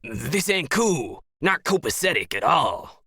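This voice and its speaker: A man's voice: a little high, big pitch swings, slow, creaky, bright, forceful tone, husky, dry recording, studio quality, pitched above the performer's own voice, heavily acted. A man voicing a dog that talks like a laid-back hippie man, drawling in hippie slang for a storybook reading. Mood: anxious. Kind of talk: audiobook character voice.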